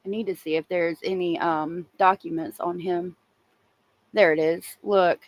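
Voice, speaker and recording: A woman's voice: mid-range voice, unhurried, dry recording. Woman chatting on a dry, close livestream. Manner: chatty, emotional, talks to viewers in chat. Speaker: true crime livestream host. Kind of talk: casual livestream chat.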